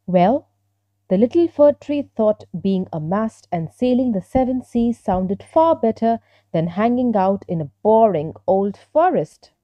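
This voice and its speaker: A woman narrating a children's story in a gentle, expressive storytelling manner. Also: mid-range voice, unhurried, no room sound, dull audio.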